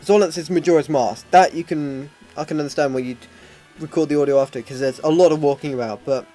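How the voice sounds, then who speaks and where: A man's voice: a little high, brisk, mellow. A man gives rambling, hesitant live commentary on a video game, with plenty of ums and restarts. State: voice starting to hurt. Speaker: let's play commentator. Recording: faint game music behind.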